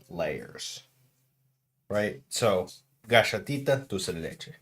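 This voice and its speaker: A man's voice: lowish voice, a little slow, long pauses, fairly bright tone. A man streaming casually at home, chatting through a food tasting and dropping in Spanish words.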